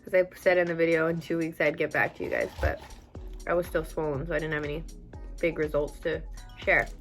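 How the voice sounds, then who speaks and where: A young adult woman vlogger chatting casually as she answers viewer questions, blunt and animated, with plenty of "um" and "like" fillers. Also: low voice, a little fast, soft background music. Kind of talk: casual chat.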